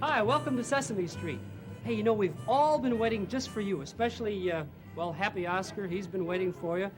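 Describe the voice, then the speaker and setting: A man hosting a children's TV show, speaking in a gentle, soft-spoken and coaxing way. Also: high voice, brisk, over music. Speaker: host. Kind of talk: children's TV presenting.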